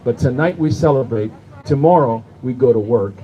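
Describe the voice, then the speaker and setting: A man's voice: mid-range voice, normal speed, muffled recording, noisy background. A man delivering an impassioned outdoor protest speech at night, building rhythm through repeated rhetorical phrases. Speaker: rally speaker.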